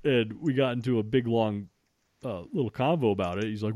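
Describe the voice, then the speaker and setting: A man with a mid-range voice tells a story casually and a little fast, swearing freely. His retelling is animated, and he keeps restarting his sentences; the recording has no echo.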